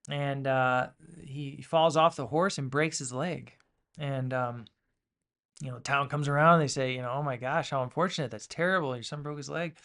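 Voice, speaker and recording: Male podcast host, gravelly, mid-pitched, loose chatty delivery full of fillers. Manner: relaxed, rambling, many fillers and restarts. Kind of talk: casual spiritual podcast talk.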